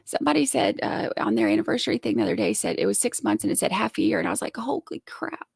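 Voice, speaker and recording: Sick woman host, gravelly voice. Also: mid-range voice, expressive, rapid-fire, no echo, clean studio sound. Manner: soft-spoken, frequent throat clearing. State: sick, scratchy throat. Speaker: livestream host. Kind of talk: casual livestream chat.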